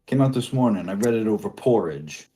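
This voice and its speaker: A man's voice: fairly low pitch, expressive, brisk, mellow, husky, soft background music. A man voicing a mocking, falsely polite male clown working as security. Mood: teasing. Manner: mock-polite, teasing.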